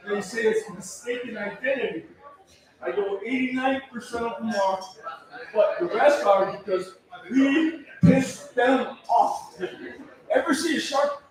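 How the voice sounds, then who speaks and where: A man doing a first-time stand-up comedy set at an open mic, loud and rowdy, often laughing at his own jokes. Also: very high voice. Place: comedy club stage. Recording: echoey room from far off, audience noise.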